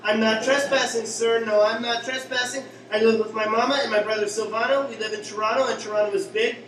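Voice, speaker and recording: A man's voice: extremely high pitch, fairly even intonation, brisk, background noise, voice pushed up. A man voicing a simple, childlike grown man who repeats himself in an earnest singsong and pleads with the police, performed as spoken word poetry. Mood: pleading. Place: small cafe at a poetry night. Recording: echoey live room from far off, crowd.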